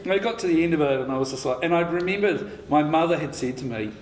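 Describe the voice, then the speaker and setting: A man in his fifties with a slightly high voice spins candid panel anecdotes, laughing, swearing and restarting often. His voice rings in an echoey hall over faint background noise. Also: expressive, quick pace. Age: 50s. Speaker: writer and co-creator on a panel.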